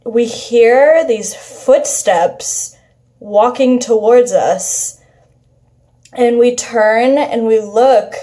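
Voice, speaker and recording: Slow, mellow-voiced woman telling a story. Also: a little high. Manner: chatty and profane, many filler "like"s. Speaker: vlogger. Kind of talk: casual storytelling.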